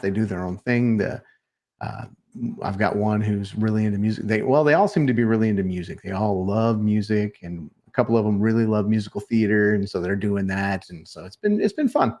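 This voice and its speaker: A man's voice: fairly low pitch, animated, a little fast, a little mellow. Friendly Texan man in his forties. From Texas, USA. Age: 40s. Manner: friendly, hesitant with many fillers. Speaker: podcast guest, voice actor. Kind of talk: casual chat.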